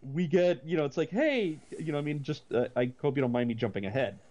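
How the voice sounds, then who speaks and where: A man, possibly middle-aged, co-hosting a casual movie chat, rambling with many restarts and breaking into animated rants. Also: mid-range voice, quick pace. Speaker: podcast co-host.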